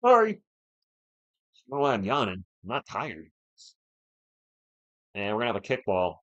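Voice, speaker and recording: A man's voice: on the low side, normal speed, dull audio. A man hosting a fan live stream, calling the game play by play and bantering with the chat. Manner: animated, partisan, banters with chat.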